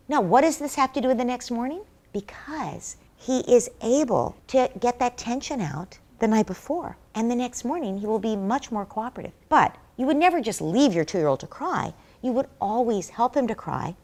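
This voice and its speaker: A woman's voice: fairly high pitch, animated, normal speed, darkish tone. Woman explaining parenting earnestly. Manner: earnest, explains with examples and acted-out dialogue. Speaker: parenting expert guest. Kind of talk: interview answer.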